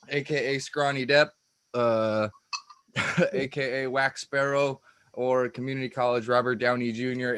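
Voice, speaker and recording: A man's voice: mid-range voice, fairly bright tone, smooth, dry recording. A man doing a crude, swearing stand-up set, laughing at his own jokes, on a cheap lip mic. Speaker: stand-up comedian.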